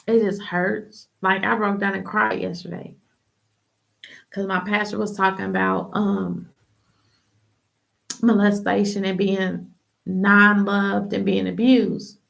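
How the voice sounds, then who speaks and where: A woman hosting a podcast, telling her personal testimony in an animated, candid way and acting out the voices of people she quotes. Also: medium pitch, slow, creaky, pauses often. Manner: emphatic and candid. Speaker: podcast host. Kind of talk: personal testimony, casual talk.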